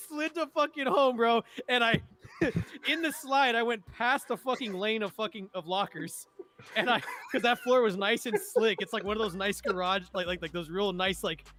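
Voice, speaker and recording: A young man telling army stories in casual chat, profane and laughing often, acting out shouting sergeants. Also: high voice, moderate pace. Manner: animated, acts out sergeants' shouts. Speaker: streamer and army veteran.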